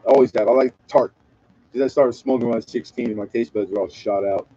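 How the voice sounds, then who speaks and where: A man's voice: medium pitch, fairly even intonation, fast talker, warm tone, no room sound, lo-fi sound. A man from Southern California rambling and joking with profanity in a casual late-night livestream chat. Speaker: livestream host.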